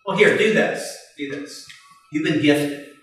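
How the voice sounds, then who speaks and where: A man's voice: medium pitch, very animated, measured pace, voice pushed down. Wise old male eagle mentor, earnest and persuasive, voiced by a male preacher; distant, roomy sound. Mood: coaxing. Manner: earnest, coaxing, soft and urging. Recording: echoey hall from far off, faint music.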